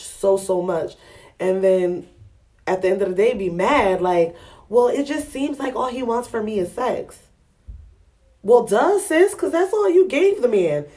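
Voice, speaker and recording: A woman's voice: fairly low pitch, warm tone. A woman hosting a podcast, talking frankly and chattily to listeners in a sassy, laughing way. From Ghana. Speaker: podcast host. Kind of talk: candid solo podcast talk.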